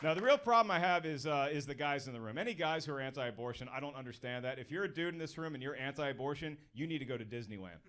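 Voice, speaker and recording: A man's voice: medium pitch, expressive, fast talker, few pauses, a bit bright. A man doing a stand-up comedy set on a club stage, talking in a punchy, conversational way and working the crowd. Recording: noisy live club recording.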